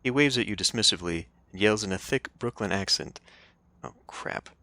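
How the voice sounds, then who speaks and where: A man's voice: fairly low pitch, animated, moderate pace, gravelly, sharp tone, no echo. A man playing a story game, reading its narration aloud and breaking off into casual joking asides. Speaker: let's play streamer.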